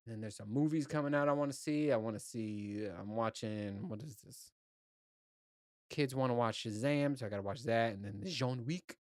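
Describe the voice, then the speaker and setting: A podcast host with a mid-range voice delivers a casual solo monologue on his own show, rambling, profane and laid-back. The recording is studio quality with no room sound.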